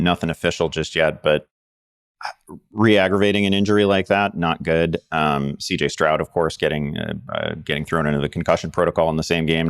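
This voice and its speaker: A man with a low, deep voice breaks down fantasy football news in casual chat. He circles back on his words, restarts sentences often, and laughs easily. The recording is dry and close. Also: clean tone, no room sound. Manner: rambling with frequent restarts and laughs. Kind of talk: casual sports analysis chat.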